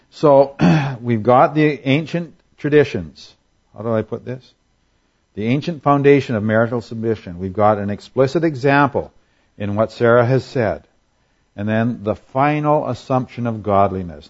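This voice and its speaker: On a lo-fi recording, a pastor with a lowish voice preaches conversationally, asking rhetorical questions and acting out quotes in different voices for laughs.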